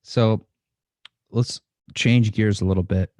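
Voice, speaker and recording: Easygoing New host, low voice. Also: male voice, fairly even intonation, slow pace, darkish tone, no room sound, clean studio sound. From New Orleans. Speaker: podcast host. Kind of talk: casual interview chat.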